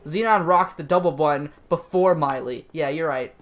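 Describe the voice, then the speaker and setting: Low-voiced sarcastic woman. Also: normal speed. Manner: sarcastic, mock-enthusiastic reading aloud. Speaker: co-host. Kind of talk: casual gaming commentary.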